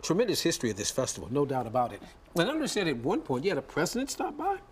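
A man's voice: fairly high pitch, sing-song, racing, a little hiss or hum. A man anchoring a live morning TV news segment in a studio, folksy and upbeat, with lots of restarts and "mm-hmm"s.

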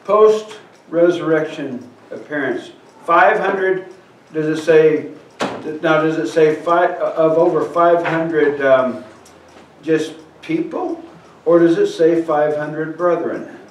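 A man's voice: fairly high pitch, slow pace, highs cut off, a little hiss or hum. A man preaching a sermon, reading scripture aloud and asking the congregation questions. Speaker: pastor. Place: church sanctuary. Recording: echoey church hall, from far off.

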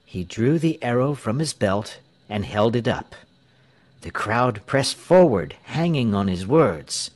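A man narrating a story in a measured, clear way for English learners. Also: medium pitch, expressive, a little mellow.

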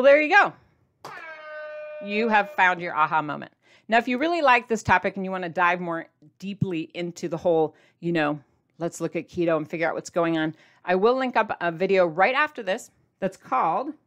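Chatty woman doing a diet vlog, playful, voice jumps up a lot for emphasis, medium pitch. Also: fairly bright tone. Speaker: diet vlogger addressing viewers. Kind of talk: casual to-camera vlog.

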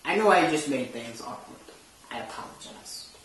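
A woman's voice: animated, normal speed. A woman playing a grumpy, theatrical centuries-old vampire count who hosts a horror review show, with an exasperated, sarcastic way of ranting. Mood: grumbling. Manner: exasperated, sarcastic, wildly swinging pitch. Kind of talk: comic in-character rant. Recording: very echoey room, distant mic, faint noise.

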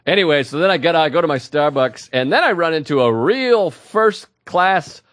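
A man's voice: fairly high pitch, lively intonation, normal speed, fairly bright tone, dry recording, clean studio sound. A man co-hosting a podcast, casually telling a rambling story and acting out the people in it. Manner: rambling, acts out quotes in voices. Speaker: podcast co-host.

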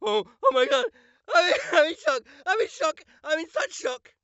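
A man voicing a hammy, theatrical character in a booming, exaggerated manner. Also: sing-song, normal speed, pushed and bright, dry recording, muffled recording, heavily acted. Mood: shocked.

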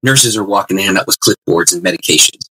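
A guest pastor on an interview show, this man talks fast in a low, husky voice while telling a personal story and acting out the dialogue with lively expression. The recording is rough.

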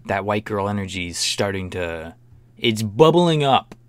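A man's voice: fairly low pitch, sing-song, a little slow, a little hiss or hum. A man commenting casually on a video, joking, swearing and laughing often. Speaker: reaction video host.

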